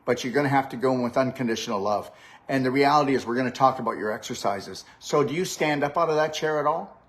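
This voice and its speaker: The older host, a health practitioner, talks fast in a mid-range voice during a live-stream chat with his guest. His tone is upbeat and coaching, peppered with "okay? all right?" check-ins.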